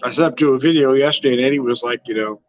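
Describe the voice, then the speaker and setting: A man's voice: mid-range voice, racing, lo-fi sound. An older man from Southern California, chatting casually on a home wine livestream, rambling and laughing often, with occasional swearing. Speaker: wine vlogger. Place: home room.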